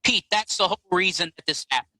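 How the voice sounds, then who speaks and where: A man guest on a talk show, recounting events in a halting, rambling way with many fillers. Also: high-pitched, sharp tone, no echo, low-quality recording. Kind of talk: casual phone-in interview.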